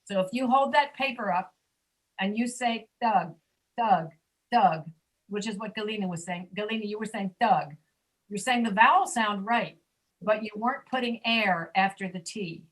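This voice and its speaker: A woman teaching an online pronunciation class, patiently correcting students and modeling sounds slowly over a video call. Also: mid-range voice, fairly bright tone.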